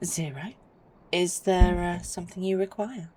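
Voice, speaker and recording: A woman's voice: on the low side, moderate pace, long pauses, dark tone, slightly rough. A woman streaming a game, chatting casually and reading game dialogue aloud, with asides to her pets. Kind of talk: casual let's-play commentary. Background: game music.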